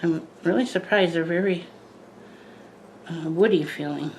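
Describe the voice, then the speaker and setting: An older woman with a lowish, gravelly voice talks to the camera indoors at home. Her chat is rambling and friendly, full of side stories and self-corrections. She sounds like a plant vlogger talking her viewers through her work. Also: unhurried, a little hiss or hum, low-quality recording.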